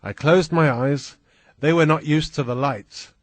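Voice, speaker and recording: A man reading a first-person adventure story aloud in a slow, deliberate, plain manner. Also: fairly high pitch, dry recording. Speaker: audiobook reader.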